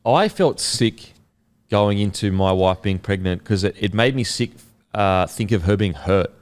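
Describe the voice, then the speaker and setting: A man's voice: on the low side, measured pace. A man in his thirties hosting a casual interview, chatty and reflective, calling his guest "mate". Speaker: podcast host.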